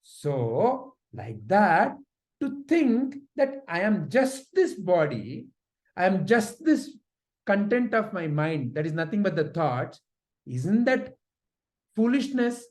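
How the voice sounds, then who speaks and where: Guy teaching kids a lesson, lots of questions to the class, animated storytelling. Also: high voice, slow. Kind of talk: lesson for children.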